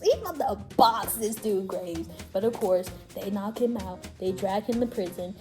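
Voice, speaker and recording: A woman hosting a casual chat, excitedly recapping a video game story with frequent laughter and swearing. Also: mid-range voice, moderate pace, hardly any pauses, soft background music. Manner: animated, laughs often, profane. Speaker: host.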